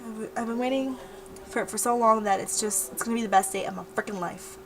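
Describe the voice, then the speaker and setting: A woman's voice: fairly high pitch, fast, rough recording. A young woman talking casually to her webcam in a diary-style vlog, rambling and repeating herself. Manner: rambling, chatty, repeats words. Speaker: vlogger.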